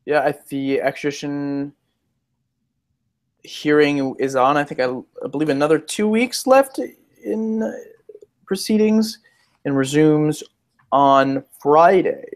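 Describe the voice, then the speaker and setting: A man co-hosting a casual podcast, who talks in a hesitant, halting way, restarting his sentences. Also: a little high. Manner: hesitant, many fillers and restarts. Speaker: podcast co-host, lawyer.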